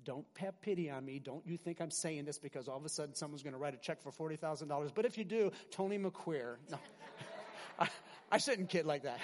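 Male pastor, high voice, animated sermon, loud bursts and hushed asides, long reverb of a big hall. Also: fairly quick. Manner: animated preaching, swinging from loud emphasis to quiet asides, with stammered restarts. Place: large hall with a congregation.

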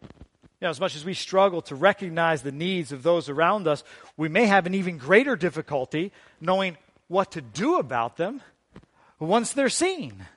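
A man preaching a sermon as pastor, emphatic and deliberate, with dramatic pauses and strong swings in loudness. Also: fairly high pitch, big pitch swings, no room sound.

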